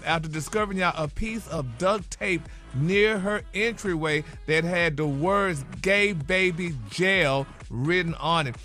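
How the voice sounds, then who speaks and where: Flamboyant male gossip host, high bright voice, honey-this y'all-that radio banter. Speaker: celebrity gossip segment host. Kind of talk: radio morning show gossip chat.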